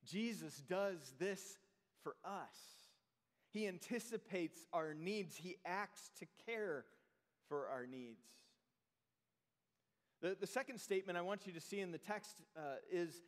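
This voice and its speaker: High-voiced pastor preaching in a reverberant hall. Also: male voice. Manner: earnest, drops to soft slow emphasis. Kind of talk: sermon.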